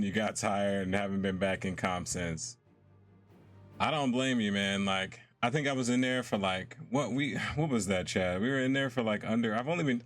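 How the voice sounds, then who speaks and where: A young man chatting casually and laughing often while he streams a game. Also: fairly low pitch. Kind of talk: casual live-stream chat while gaming. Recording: faint game music behind.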